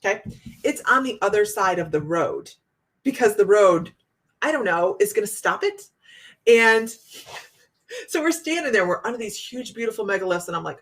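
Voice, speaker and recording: A woman from Ohio, a psychic host telling viewers a story in a casual way, animated and laughing often. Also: medium pitch, normal speed.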